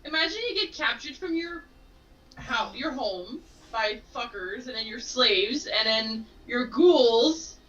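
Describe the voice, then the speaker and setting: A woman's voice: fairly high pitch, lively intonation, takes it slowly, a bit bright, highs cut off. A woman playing a tabletop game, talking emotively and laughing often. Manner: emotive, laughing, dramatic apologies. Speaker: player. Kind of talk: casual game chat. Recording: echoey room, distant mic.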